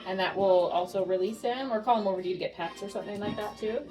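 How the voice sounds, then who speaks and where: A woman dog trainer at home, calmly and patiently talking through a training session and softly praising the dog. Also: mid-range voice, fast talker, over music, low-quality recording. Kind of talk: hands-on training demonstration. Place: home living room.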